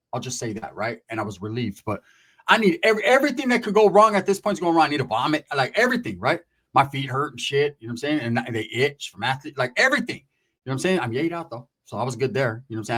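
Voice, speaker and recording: A man's voice: medium pitch, expressive, very fast, fairly bright tone. A man telling a long story in casual, profane slang, acting out the voices of the people he quotes.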